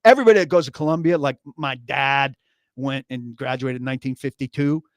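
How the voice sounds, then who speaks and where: A wry man in his fifties co-hosts a sports talk radio show, rambling through stories and often correcting himself in casual banter. His medium-pitched voice moves briskly, captured on a studio microphone in a radio studio with no room sound.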